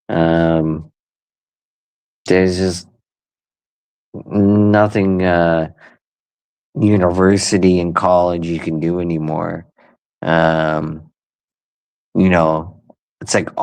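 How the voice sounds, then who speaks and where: A man's voice: low-pitched, vocal fry, darkish tone, clear, resonant tone, no echo. A middle-aged man talking casually, rambling and hesitant with lots of fillers. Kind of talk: casual conversation.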